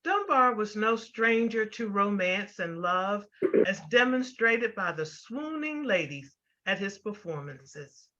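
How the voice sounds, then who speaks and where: A woman hosting a program, reading formal introductions in a measured way. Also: medium pitch, lively intonation, sharp tone, muffled recording. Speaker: program host.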